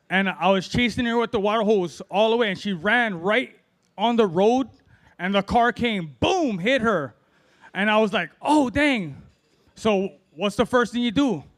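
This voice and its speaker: A man from Hawaii with a fairly high voice works through an open-mic stand-up set. He rambles, fills gaps with ums and long pauses, and sounds middle-aged. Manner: rambling storytelling with fillers and drawn-out pauses. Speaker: amateur stand-up comic.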